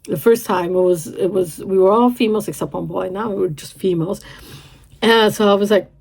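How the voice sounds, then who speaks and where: A woman's voice: mid-range voice, a little fast, gravelly, a little mellow, husky. A young woman gushing and giggling through a casual reaction chat, rambling with lots of "like". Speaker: reaction video host.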